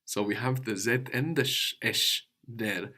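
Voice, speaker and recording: A man's voice: medium pitch, a little slow, pushed and bright. A man teaching a language lesson, patiently explaining step by step and asking his student questions.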